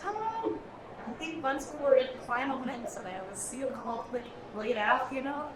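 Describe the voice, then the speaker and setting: Lively high woman in an echoey hall. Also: normal speed. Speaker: animation director on a panel. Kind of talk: casual convention panel talk. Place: large convention hall. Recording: echoey hall from far off with noise.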